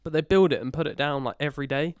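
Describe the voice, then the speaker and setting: A man's voice: fairly high pitch, fast, clear, resonant tone, dry recording, studio quality. A man co-hosting a casual podcast, telling stories with lots of fillers. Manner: rambling, filler-heavy storytelling. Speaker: podcast co-host. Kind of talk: casual chat.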